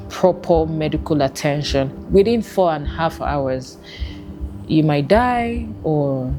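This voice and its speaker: Slow, halting Nigerian woman. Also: low voice. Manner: slow, halting, emotional pauses. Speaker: testimony guest. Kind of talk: personal testimony.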